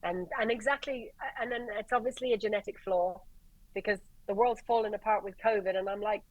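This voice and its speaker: An Irish woman, a paramedic guest, telling stories in a lively way, swearing and acting out the dialogue. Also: mid-range voice, a little fast, dry recording, poor audio. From Ireland. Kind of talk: animated storytelling in conversation.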